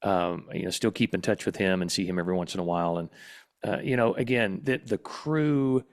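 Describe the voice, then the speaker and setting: Middle-aged male host, lowish voice, reflective and easygoing in conversation. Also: fairly quick. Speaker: podcast host. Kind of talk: casual interview chat.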